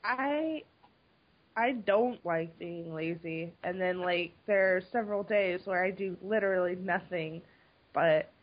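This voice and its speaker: A woman's voice: lowish voice, a little slow. A woman chatting casually in a group podcast, using "like" a lot. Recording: dull lo-fi online call audio.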